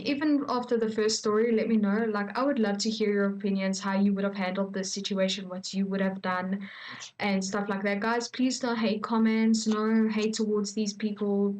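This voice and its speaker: A woman's voice: mid-range voice, a little mellow, poor audio. A woman reading online stories aloud in casual commentary, chatty and talking straight to her viewers, working herself up into a rant. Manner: chatty, talks straight to viewers, gets worked up and ranting.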